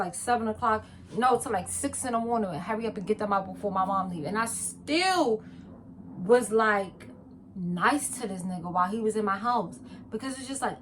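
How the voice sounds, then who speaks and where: A young woman tells a personal story in a casual, blunt, profane and animated way. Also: mid-range voice, a little hiss or hum. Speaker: vlogger.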